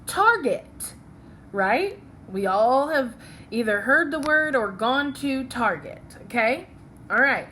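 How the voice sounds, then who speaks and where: A young woman teacher leading a phonics lesson, talking slowly and checking in often with "okay?" as she writes along. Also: fairly high pitch, expressive, sharp tone, a little hiss or hum. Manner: slow, patient, checks in with "okay?".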